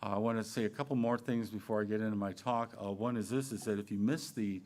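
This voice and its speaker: Speaking fast with a lowish, rather even and slightly mellow voice, a minister delivers a playful, conversational sermon in the church sanctuary. He poses questions to the congregation and performs the phrases he quotes.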